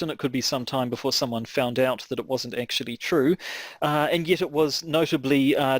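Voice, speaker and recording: A man's voice: mid-range voice, no room sound. A man co-hosting a podcast, thinking aloud with lots of ums and restarts. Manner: hesitant, rambling with many fillers. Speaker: podcast co-host. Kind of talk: casual chat.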